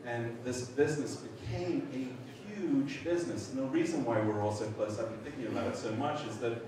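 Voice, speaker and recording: A middle-aged man telling a lively anecdote at a memorial, swearing, laughing and acting out other people's voices. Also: medium pitch, a little fast. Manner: animated storyteller, swears, acts out voices, laughs. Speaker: memorial speaker. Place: large event hall. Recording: echoey hall from far off, noisy.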